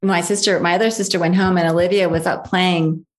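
A woman's voice: fairly low pitch, fairly even intonation, a little fast. A woman recounting a family story as an interview guest. She leans on repetition for emphasis and slips into others' voices when she quotes them. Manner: emphatic, repeats key phrases. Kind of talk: personal storytelling.

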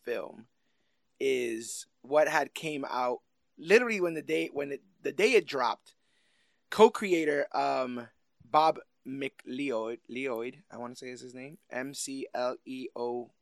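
A man co-hosting a podcast, chatting casually about a movie, animated and laughing as he acts out scenes. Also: medium pitch, takes it slowly, vocal fry, no room sound, clean studio sound. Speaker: podcast co-host. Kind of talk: casual movie review chat.

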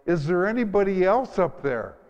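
Man voicing panicked cliff-hanging hiker, shouted and pitched high, muffled hall sound. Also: lively intonation, normal speed. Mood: desperate yelling. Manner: yelling desperately. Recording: dull, reverberant hall recording.

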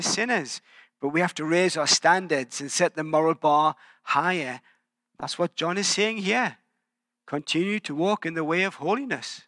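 A man's voice: a little high, pushed and bright, dry recording, clean studio sound. A man in his forties with an English accent, preaching a sermon in a church and telling personal stories in a conversational, self-deprecating way. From England. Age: 40s. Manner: conversational, self-deprecating storytelling with frequent restarts. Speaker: pastor.

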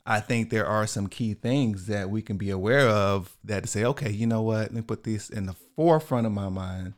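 A man's voice: on the low side, normal speed. A man co-hosting a relationship podcast, talking loosely and thinking aloud with plenty of fillers and restarts. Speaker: podcast co-host. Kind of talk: casual conversation on marriage.

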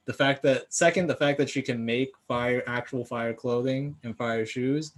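A man's voice: medium pitch, steady tone, normal speed. A man co-hosting a casual sneaker podcast, talking in a laid-back, slangy way with plenty of swearing. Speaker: podcast co-host.

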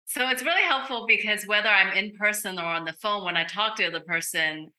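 A woman speaking as a podcast guest, a medical intuitive telling an earnest, animated story. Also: mid-range voice, fast. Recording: roomy echo.

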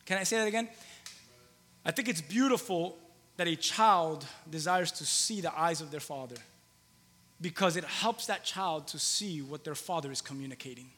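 A man's voice: a little high, moderate pace, a bit bright, long reverb tail. A man in his thirties preaching a conversational sermon in a church, repeating phrases for emphasis. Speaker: pastor. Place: church hall with long reverb.

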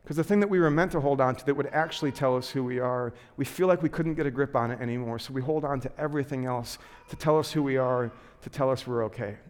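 A man giving a sermon, telling a self-deprecating personal story in a lively way with lots of filler words before turning to teaching. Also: mid-range voice, quick pace, hardly any pauses, long reverb tail. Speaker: pastor.

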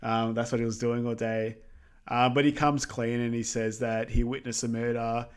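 A man's voice: medium pitch, level tone, moderate pace, clean tone. A man co-hosting a podcast, recapping a film in casual chat, rambling with lots of fillers and quoting lines. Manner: rambling, filler-heavy retelling with quoted lines. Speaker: podcast co-host.

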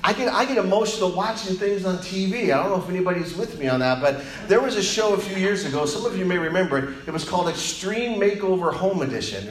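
A man in his forties preaching a sermon, an animated, joking storyteller who drops quiet and low for prayer and grief. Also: fairly quick, hardly any pauses. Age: 40s. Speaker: pastor. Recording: echoey room sound.

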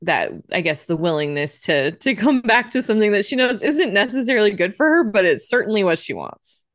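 A woman in a casual film discussion, speaking in a thoughtful, halting way. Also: medium pitch, animated, dry recording, studio quality.

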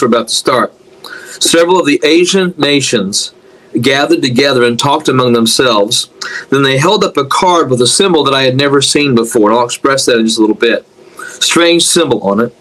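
Man slowly recounting a dream. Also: a bit bright, poor audio. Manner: dramatic storytelling, slowing and dropping low for emphasis; halting, repeats words while searching.

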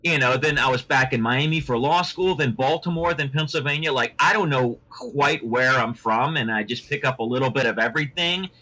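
A middle-aged male lawyer chats as a podcast guest, circling through stories with frequent restarts. His voice has a bright, forceful edge. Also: mid-range voice, a little fast, hardly any pauses, poor audio. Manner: chatty, rambling with many restarts. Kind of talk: casual podcast interview.

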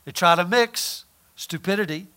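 A man preaching a folksy, emphatic sermon, swinging between loud points and quiet asides. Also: high-pitched, moderate pace, smooth.

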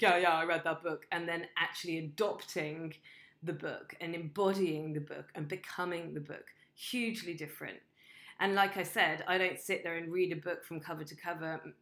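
A woman's voice: low-pitched, a bit bright. A woman host and coach talking in a casual monologue, blunt and emphatic, swearing freely. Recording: roomy echo.

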